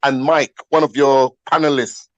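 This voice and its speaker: A man's voice: medium pitch, little pitch movement, moderate pace, a bit bright, no room sound, dull audio. A man calling in to a talk show, pressing his point and repeating his questions. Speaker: caller.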